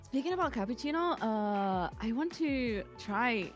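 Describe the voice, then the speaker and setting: Woman, guest. Soft-spoken and giggly, lively intonation. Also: fairly high pitch, unhurried, soft background music. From Brazil. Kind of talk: casual chat.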